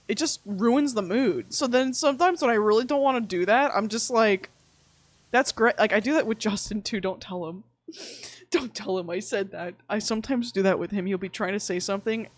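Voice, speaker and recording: A woman's voice: mid-range voice, animated, fairly quick, no echo. A woman streaming from home, chatting casually while gaming, laughing often and speaking candidly with some swearing.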